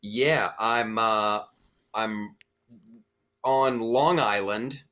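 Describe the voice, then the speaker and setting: A man's voice: lowish voice, drawn-out words, bright, forceful tone. A middle-aged man, a comedian, chatting easily as a guest on a video call. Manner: easygoing, chatty. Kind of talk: casual interview chat.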